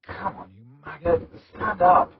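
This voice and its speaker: A gloomy, sarcastic young loser. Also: male voice, sits high, wildly swooping pitch, a little slow, gravelly, breathy edge, full character voice. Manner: sarcastic, muttering to himself. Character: gloomy self-loathing young man. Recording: dull lo-fi game audio over music.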